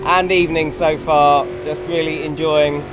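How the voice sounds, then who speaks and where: A man's voice: fairly high pitch, little pitch movement, moderate pace, over music. A man streaming a sim race, chatting casually and reacting to the driving mid-sentence. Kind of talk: casual live-stream commentary while racing. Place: home sim racing rig.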